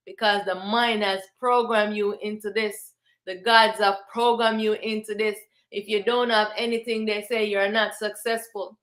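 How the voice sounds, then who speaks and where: Slow, emphatic woman preaching. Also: mid-range voice, a bit bright. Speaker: spiritual teacher. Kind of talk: spiritual sermon to the camera.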